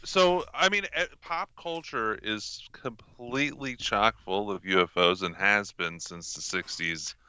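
Man co-host, lowish voice yet very bright and smooth, blunt and dry. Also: unhurried, hardly any pauses, no room sound. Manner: blunt, swears casually. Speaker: podcast co-host. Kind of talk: casual podcast chat.

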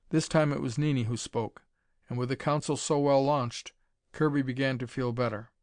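A man's voice: medium pitch, fairly even intonation, normal speed, no echo. Man narrating in a dry close read. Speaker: audiobook narrator. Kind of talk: scripted narration.

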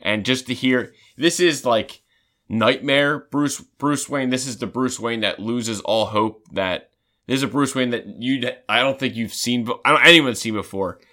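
Guy with a bright forceful voice, rambling fan chat, keeps restarting. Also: mid-range voice, moderate pace. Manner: rambling, restarts often, excited fan talk. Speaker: podcast co-host. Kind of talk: casual chat.

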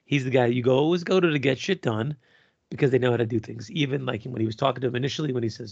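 A man with a gravelly, husky voice rambles through a casual podcast chat, swearing freely. The sound is dry and a little dull, with no room around it. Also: medium pitch, very fast, darkish tone, no echo. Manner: profane, rambling, laughs often. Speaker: podcast co-host. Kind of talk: casual chat reviewing a TV episode.

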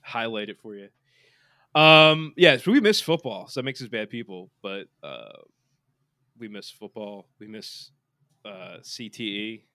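A man's voice: fairly low pitch, unhurried, bright, forceful tone, no echo, studio quality. A man co-hosting a podcast in casual sports chat, rambling with lots of fillers and restarts. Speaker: podcast co-host.

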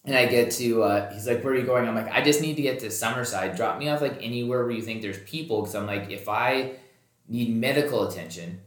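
A man's voice: mid-range voice, brisk. A man in the middle of his range spins a casual tale, swearing freely and slipping into the voices of the people he quotes. His voice carries a noticeable room echo, as if recorded in a bare space. He talks the way a podcast host talks with a friend. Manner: animated, acts out quoted dialogue, swears freely. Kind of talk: casual storytelling. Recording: roomy echoey recording.

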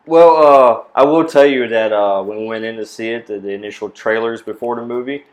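A man's voice: medium pitch, brisk. A man moderating a casual group discussion about a movie, loose and jokey, often breaking into chuckles.

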